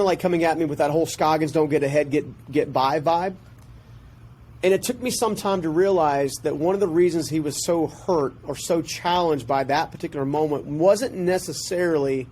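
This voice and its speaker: A man telling a personal story as a podcast guest, in an animated, passionate way. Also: a little high.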